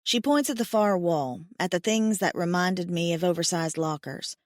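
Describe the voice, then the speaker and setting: A woman's voice: on the low side, normal speed, no room sound. A woman narrating a first-person audiobook in a wry, self-mocking storytelling manner into a close studio mic.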